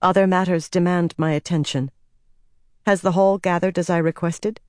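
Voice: medium pitch, steady tone, darkish tone, no echo, studio quality, natural voice. A narrator voicing a firm young woman leader. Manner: cool, measured, authoritative. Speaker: Amyrlin.

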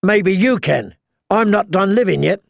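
Man doing battle-hardened brute, growling, scornful, gravelly, raised voice. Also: sits high, animated, a little slow, dry recording, clean studio sound, voice pushed up, exaggerated voice. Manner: growling, barked orders. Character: brutal battle-hardened man, gruff and contemptuous.

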